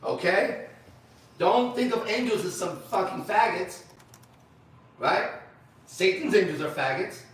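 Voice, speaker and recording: A man's voice: sits high, expressive, measured pace, pauses often. A man preaching to a men's group, blunt and emphatic, repeating phrases for stress. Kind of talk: sermon-style teaching. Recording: very echoey room, voice far from mic.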